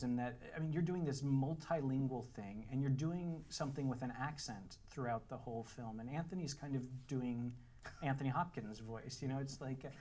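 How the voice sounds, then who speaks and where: A man's voice: medium pitch, darkish tone. A man moderating a cinema Q&A who asks long, rambling questions and hesitates while he searches for words. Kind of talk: panel questions. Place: cinema auditorium with audience.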